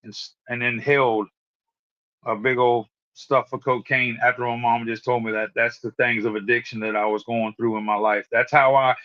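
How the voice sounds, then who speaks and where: A man in his forties tells his personal testimony in earnest, often repeating words and restarting sentences. His voice sits at an ordinary middle pitch. The sound is dull and muffled, like audio from a live-stream call. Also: flat delivery, moderate pace, fairly bright tone. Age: 40s. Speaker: guest sharing a recovery testimony. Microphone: remote live-stream call.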